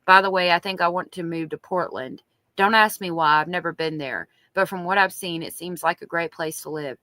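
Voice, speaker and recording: A woman's voice: fairly low pitch, brisk, sharp tone, no echo. Southern woman reading on a live stream. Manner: chatty, reads diary aloud and reacts to chat. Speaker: true crime streamer.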